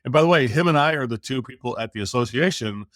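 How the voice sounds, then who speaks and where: A middle-aged American man spins a lively story as a podcast guest, acting out every quoted line and swearing casually along the way. His voice sits in an ordinary male pitch and is recorded close and dry, with no room sound. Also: quick pace, no echo. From United States. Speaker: sales coach guest.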